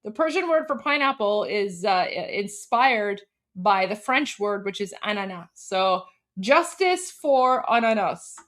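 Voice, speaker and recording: A woman's voice: mid-range voice, animated, measured pace, fairly bright tone. A woman in her forties from Canada hosting a live commentary stream, chatty and giggly, with lots of "like" fillers. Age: 40s. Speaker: livestream host.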